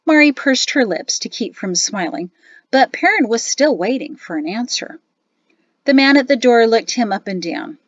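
A woman reading a novel aloud as audiobook narrator, with an even storytelling delivery. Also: on the high side, normal speed, no echo, highs cut off. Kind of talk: scripted narration.

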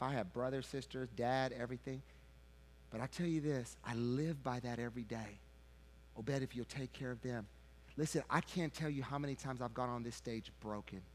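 A middle-aged man preaching a sermon as pastor, swinging between loud shouting and hushed, low confession, repeating words when he gets worked up. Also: vocal fry. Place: church sanctuary.

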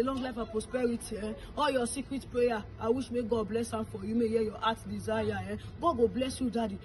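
A woman's voice: on the high side, a little hiss or hum, low-quality recording. A woman with a Nigerian Pidgin English accent speaking in a casual vlog, heaping blessings and well-wishes. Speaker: vlogger. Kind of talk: casual birthday message.

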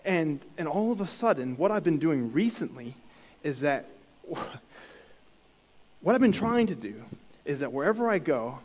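A fairly high-voiced man tells a personal faith story to a congregation, stumbling over restarts and laughing at himself. His voice rings out with the long reverb of a large church hall. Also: sing-song, normal speed, long pauses, a little mellow. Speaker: church speaker sharing a testimony. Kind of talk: sermon-style personal story.

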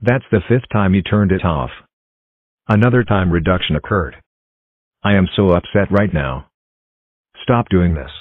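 A stern, flat-voiced male robot , as a man voices it, that issues warnings in a deep tone. The sound is dry and tinny, like a phone line. It speaks with a mechanical, threatening edge. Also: normal speed, pauses often, no room sound. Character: stern robot error figure, male, grows angry.

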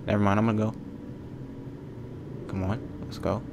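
Low-voiced man ranting over gameplay. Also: little pitch movement, normal speed, gravelly, darkish tone, slight background noise. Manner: exasperated, ranting, muttering to himself; casual slangy talk. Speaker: gaming channel host. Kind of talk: let's play commentary.

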